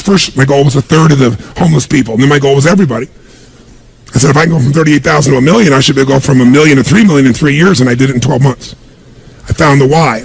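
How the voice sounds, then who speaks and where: A man delivering a motivational seminar in a gravelly, raspy voice that sits a little high for a man. He speaks with emphatic punch. He keeps throwing quick questions at the crowd for them to answer. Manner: emphatic, punchy, quizzes the audience with call-and-response questions. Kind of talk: live motivational seminar speech.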